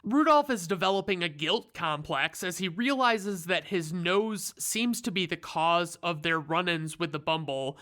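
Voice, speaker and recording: A man's voice: a little high, bright, forceful tone, clean tone. A man giving a comedic, sarcastic movie recap, rambling and swearing freely. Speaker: reviewer.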